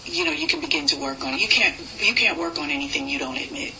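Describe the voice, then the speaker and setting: A woman's voice: a little high, sing-song, quick pace, gravelly, background noise. A woman with a New York accent, speaking as a guest in a casual radio interview and laughing easily.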